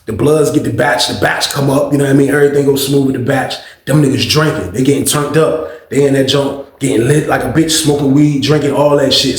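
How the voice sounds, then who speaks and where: A man's voice: mid-range voice, a little mellow. Man telling a slangy story in an echoey room. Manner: loose slang-heavy talk with lots of fillers. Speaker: storyteller, channel host. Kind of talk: casual storytime.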